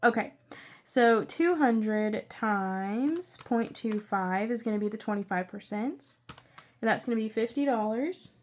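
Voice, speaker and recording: Young woman, higher pitch, chatty budgeting vlogger who rambles into excited asides. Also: measured pace. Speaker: budgeting channel creator. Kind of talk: casual budget-with-me narration.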